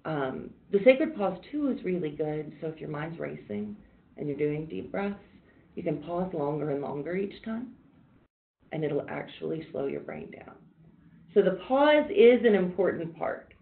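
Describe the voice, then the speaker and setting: A woman mindfulness instructor leading a workshop, talking people through deep breathing in a calm, reassuring, conversational way. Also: a little slow, creaky, slight background noise. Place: workshop room. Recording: echoey room on a tinny, phone-like line.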